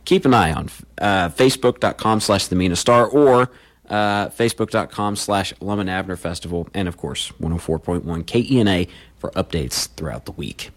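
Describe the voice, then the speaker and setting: Casting: male morning radio DJ, folksy and chatty, lower voice. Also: normal speed. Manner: chatty, folksy, reads community notices. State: has the hiccups. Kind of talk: casual radio announcements.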